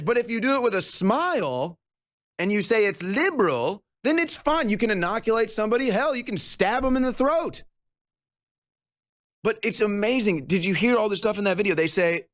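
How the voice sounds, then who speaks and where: A man's voice: high-pitched, animated, normal speed, a bit bright. A man hosting a show, ranting indignantly and sarcastically about a video clip he has just played, his voice climbing as he gets worked up. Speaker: host.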